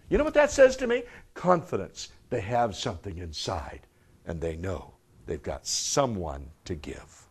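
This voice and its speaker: A man preaches a sermon to a live congregation in a voice pitched a little above the usual male range. He swings from loud, emphatic bursts down to hushed, low lines. He keeps firing rhetorical questions at his listeners. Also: sing-song, moderate pace. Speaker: pastor.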